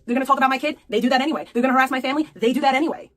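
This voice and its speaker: A woman's voice: high voice, fairly even intonation, rapid-fire. A woman livestreaming an angry rant, profane and repeating herself.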